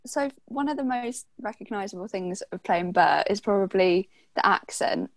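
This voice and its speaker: A woman's voice: medium pitch, expressive, normal speed, no echo, soft background music. A British woman interviewing a guest, asking long questions that build up context. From United Kingdom. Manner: asks long, rambling questions with added context.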